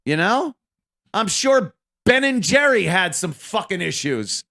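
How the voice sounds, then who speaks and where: A man in his fifties talks on a radio show in a blunt, profane monologue. His voice sits a little high for a man and swings widely up and down. He often laughs at himself between points. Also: big pitch swings, a little slow, gravelly, sharp tone. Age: 50s. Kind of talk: candid talk-radio monologue.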